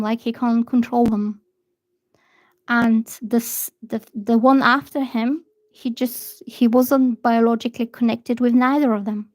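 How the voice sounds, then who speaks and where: A woman's voice: on the high side, no room sound. Blunt, chatty woman livestreamer. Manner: blunt, animated storytelling with acted quotes. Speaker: tarot reader. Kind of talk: casual livestream chat. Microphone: phone or laptop.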